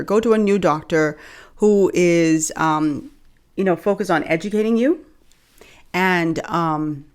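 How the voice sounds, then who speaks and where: This young woman from the Bahamas hosts a video with a voice on the low side, chatting casually to camera. Lively and full of jokes, she calls her audience y'all.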